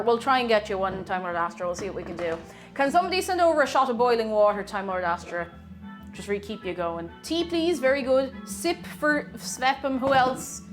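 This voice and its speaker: Lively woman baking on stream. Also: fairly high pitch. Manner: chatty, reads chat aloud, bursts of excited whoops. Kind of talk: casual live-stream chat. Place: home kitchen.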